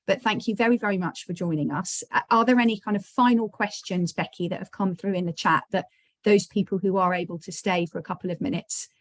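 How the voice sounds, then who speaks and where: A woman's voice: on the low side, dry recording. A woman hosting an online training session, chatty and encouraging, with many fillers, on a video call. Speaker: session host.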